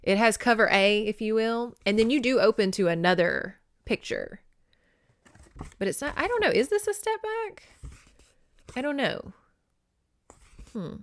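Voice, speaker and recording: A woman's voice: a little high, sing-song, unhurried, long pauses. A woman hosting a casual book-review podcast, chatty and laughing often. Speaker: podcast host reviewing a novel. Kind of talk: casual chat.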